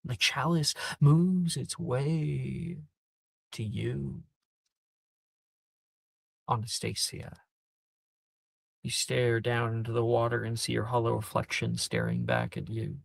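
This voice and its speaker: Slow-narrating male game master. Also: mid-range voice, animated, gravelly, no echo, studio quality. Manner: slow, hushed, descriptive narration.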